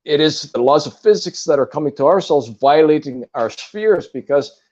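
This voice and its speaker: A man's voice: fairly high pitch, lively intonation, normal speed, a little mellow, dull audio. A man in casual spiritual talk, speaking in an earnest, repetitive, lecturing way. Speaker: guest on a spiritual talk stream.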